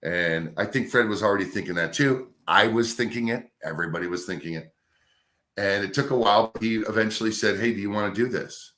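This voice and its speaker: A middle-aged man, a radio host, telling a career story in a casual, animated way. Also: lowish voice, a little fast. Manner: animated anecdote telling with acted-out quotes. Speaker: radio host, podcast guest.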